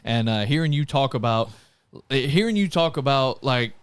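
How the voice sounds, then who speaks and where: A man hosting a live podcast, easygoing and quick to laugh as he steers the talk. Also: medium pitch, expressive, clean tone, no echo. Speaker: podcast host. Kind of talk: casual live podcast chat.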